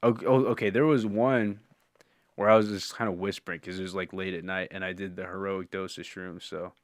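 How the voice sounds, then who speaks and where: A man's voice: low voice, fairly even intonation, fairly quick, no echo, studio quality. A man hosting a podcast, chatting casually in a rambling, profane way and laughing often. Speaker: podcast host. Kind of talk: casual live-stream chat.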